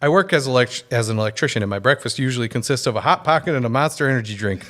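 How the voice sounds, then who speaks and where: A man co-hosting a casual podcast, reading listener emails aloud at a middle pitch. He keeps it jokey and breaks into chuckles as he reads. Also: lively intonation, very fast, fairly bright tone. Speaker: podcast co-host.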